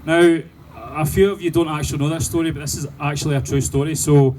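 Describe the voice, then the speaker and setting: Man, Glaswegian accent, stand-up storyteller, sweary, animated, fairly high voice, outdoor noise behind. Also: fast, low-quality recording. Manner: sweary, animated, laughing through punchlines. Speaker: stand-up comedian.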